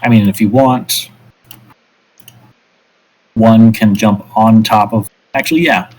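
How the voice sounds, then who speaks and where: A man narrating as game master of a tabletop game, in a relaxed, hesitant way. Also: fairly low pitch, slow, low-quality recording.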